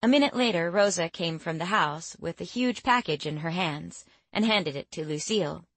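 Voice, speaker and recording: A woman reading an audiobook in steady, measured first-person narration. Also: lowish voice, no echo.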